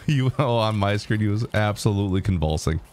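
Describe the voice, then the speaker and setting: A man streaming a shooter game with his squad, trading jokes and quick comebacks over a headset mic. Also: fairly low pitch, darkish tone, slight background noise. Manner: joking banter, quick comebacks. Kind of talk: casual gaming chat.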